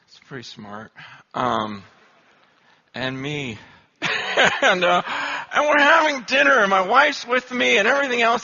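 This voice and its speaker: Male pastor, humorous sermon storytelling, high bright tone, husky edge, muffled lo-fi recording. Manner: self-deprecating, animated storytelling.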